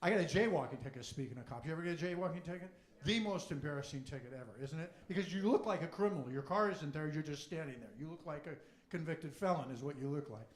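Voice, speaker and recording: A man performing a stand-up comedy set on a club stage, delivering rapid jokes and long deadpan lists. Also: on the high side, reverberant.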